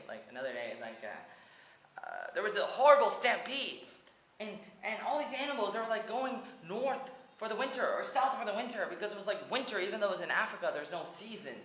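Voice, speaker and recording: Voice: mid-range voice, a bit bright, echoey room, poor audio. A speaker in their twenties from the United States, rambling through a comic retelling of a cartoon movie with stammered restarts and lots of "like". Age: 20s. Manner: rambling, stammering restarts, many likes, breaks into song.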